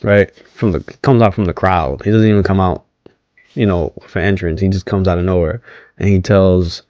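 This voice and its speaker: Low-voiced man rambling through a recap. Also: steady tone, moderate pace, darkish tone, no echo, lo-fi sound. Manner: rambling, hesitant, many ums and self-corrections; asks viewers to comment. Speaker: wrestling recap host. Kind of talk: casual unscripted recap.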